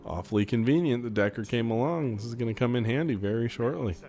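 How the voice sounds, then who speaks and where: A man co-hosting a casual film commentary, chatty and quick to laugh, with excited asides. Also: mid-range voice, over music.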